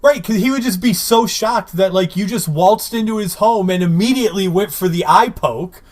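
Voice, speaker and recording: High-voiced man chiming in. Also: normal speed. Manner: agreeable, chiming in with short replies. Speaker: podcast co-host. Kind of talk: casual recap chat.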